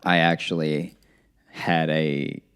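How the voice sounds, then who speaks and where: A man's voice: rumbling low, little pitch movement, slow, a bit bright, clear, resonant tone. A man co-hosting a podcast, chatting casually and answering with wry jokes. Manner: wry, joking replies. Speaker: podcast co-host. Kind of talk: casual chat.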